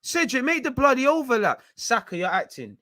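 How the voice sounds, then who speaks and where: A young man streaming a football watchalong, shouting at players and slipping into slang as he grows frustrated. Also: very high voice, sing-song, brisk, no room sound, studio quality. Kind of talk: live match reaction commentary.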